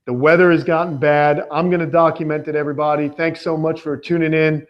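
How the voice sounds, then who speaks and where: A man's voice: fairly high pitch, flat delivery, fairly quick, muffled recording. A man hosting a live question-and-answer stream, laid-back and casual, calling viewers dude and man. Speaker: host.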